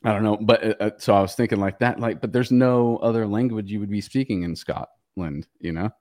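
A man hosting a podcast in casual chat, excitable and rambling, swearing a lot. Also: fairly low pitch, brisk, no echo, clean studio sound. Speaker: podcast host.

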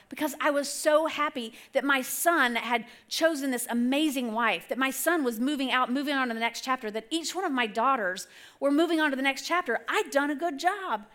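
High, bright-voiced woman preaching. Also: a little fast. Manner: chatty, rambling, self-correcting. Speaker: church speaker. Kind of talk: storytelling sermon. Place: church stage.

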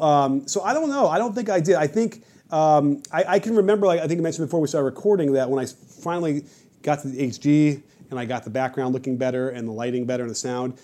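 A man telling stories on a podcast in a rapid, animated way, often restarting his sentences. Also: medium pitch. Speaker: podcast guest, basketball coach and creator. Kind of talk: casual podcast conversation.

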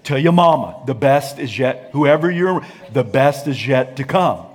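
A man pastor preaching a sermon in a lively, colloquial way and calling on the congregation to answer back. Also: mid-range voice, measured pace. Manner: energetic, colloquial, calls for audience response.

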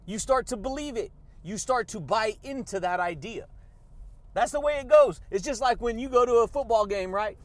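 A man hosting a motivational podcast monologue, hyped and chatty, who laughs often and keeps calling his listeners buddy and baby. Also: high-pitched. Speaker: podcast host.

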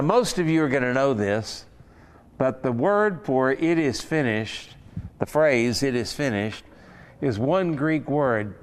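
A man preaching a sermon in an unhurried, conversational way. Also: medium pitch. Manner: conversational, unhurried, with fillers and asides.

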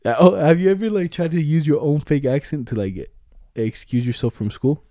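Mellow young man, laid-back slangy chat. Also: on the high side, fairly quick, no room sound, studio quality. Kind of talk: casual chat.

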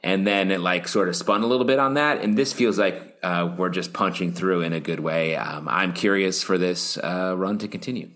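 A man's voice: low-pitched, normal speed, few pauses, a bit bright. A man co-hosting a comic book podcast, thinking aloud in a casual, hesitant way. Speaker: podcast co-host. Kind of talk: casual comic review chat.

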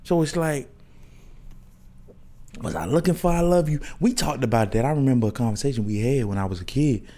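A man's voice: mid-range voice, lively intonation, brisk, long pauses, mellow. A man in his thirties hosting a podcast, telling loose, slangy stories with many restarts and asides. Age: 30s. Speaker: podcast host. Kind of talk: casual monologue.

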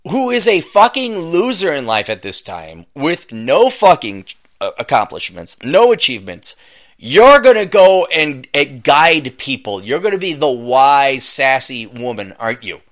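A male podcast host in a comedic rant, scornful and foul-mouthed. His pitch swings widely as he jumps from low grumbling to loud outbursts. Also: sing-song, measured pace. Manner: profane, scornful, bursts into shouting. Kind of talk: comedic rant reacting to a read-aloud article.

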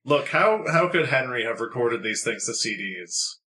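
A man's voice: medium pitch, very animated, moderate pace, bright, forceful tone. A man co-hosting a comedy podcast, playful and easily confused in casual banter. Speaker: podcast co-host.

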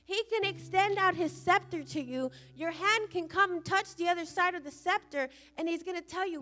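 A woman preaches in a very high, bright voice, earnestly explaining a passage of scripture to her congregation. Faint instrumental music plays softly behind her. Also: normal speed, few pauses. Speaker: senior church leader. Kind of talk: sermon.

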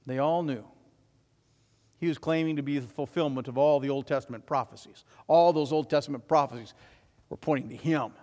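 A man preaching a sermon as pastor, swelling to loud emphatic declarations and then dropping quiet. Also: a little high, quick pace, big-room sound.

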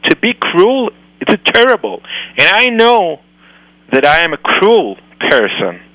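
A man voicing a gentle, frightened young schoolgirl, speaking slowly and haltingly. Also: high voice, huge pitch swings, dry recording, pitched above the performer's own voice, exaggerated voice, low-quality recording. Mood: anguished.

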